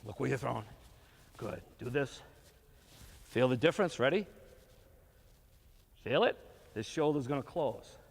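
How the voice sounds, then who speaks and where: A man's voice: mid-range voice, animated, unhurried, creaky, long pauses, slightly rough. An older man coaching young kids through a throwing drill, giving short, encouraging repeated commands. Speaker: youth baseball coach. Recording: long reverb from a hall.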